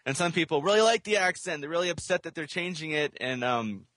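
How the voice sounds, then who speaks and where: A man's voice: on the high side, lively intonation, a little fast, a bit bright, no room sound. A man co-hosting a podcast in casual chat, rambling with many restarts and fillers. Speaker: podcast co-host.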